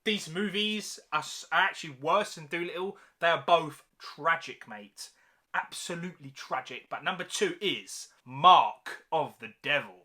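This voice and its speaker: A man's voice: a little high, a little slow, bright, forceful tone. A man ranting through a vlog of movie reviews, slangy and mocking with big exaggerations.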